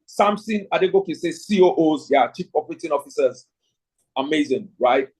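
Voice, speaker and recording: A man's voice: a little high, lively intonation, moderate pace, a little mellow, breathy edge, rough recording. A man teaching an online leadership class, thinking aloud, ending points with "right?" and reading out participants' chat answers. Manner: thinking aloud, frequent "right?" tag questions. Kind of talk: online class lecture with audience questions.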